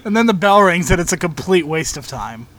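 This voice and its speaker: A man's voice: high voice, expressive, brisk, a bit bright, a little hiss or hum. A man co-hosting a casual podcast, throwing in wisecracking asides.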